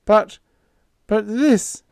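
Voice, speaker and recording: A man's voice: high-pitched, drawn-out words, creaky, darkish tone, clear, resonant tone, no room sound, clean studio sound, voice pushed up, exaggerated voice. A man voicing a meek, mild-mannered young spaceship officer who talks blandly and stammers when flustered, in an audiobook. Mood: shaken. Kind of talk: audiobook character voice.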